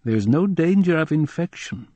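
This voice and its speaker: A man voicing a calm male camp chief in an audiobook, speaking slowly and reassuringly. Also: fairly high pitch, no echo, dull audio, pitched above the performer's own voice.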